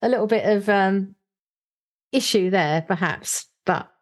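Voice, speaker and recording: Speaking unhurriedly in a mid-range voice, a woman thinks out loud during casual discussion. She sounds thoughtful but hesitant, uses lots of fillers, and reads brief book excerpts aloud.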